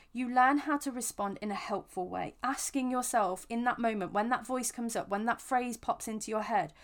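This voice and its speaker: A woman with a slightly raised pitch talks through a self-help episode as the podcast host. She speaks gently and earnestly, often restarting or repeating words as she thinks aloud. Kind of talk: reflective self-help talk.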